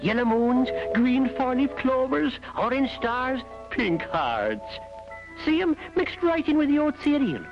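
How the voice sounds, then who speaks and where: A man voicing an impish male leprechaun mascot in a vintage TV cartoon ad, in a put-on Irish brogue with a high, sing-song lilt. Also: sing-song, measured pace, heavily acted. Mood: impish teasing. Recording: dull, roomy old TV ad audio with loud music. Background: jingle music.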